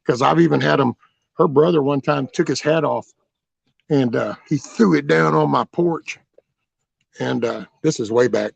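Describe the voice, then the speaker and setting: A middle-aged man with a deeply gravelly, raspy voice, telling stories from his life in a loose, rambling way. He is blunt and swears freely. The sound is dry and close. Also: a little slow, pauses often, no echo. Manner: rambling, blunt and profane, with many restarts. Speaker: channel host telling his life story. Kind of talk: casual storytelling.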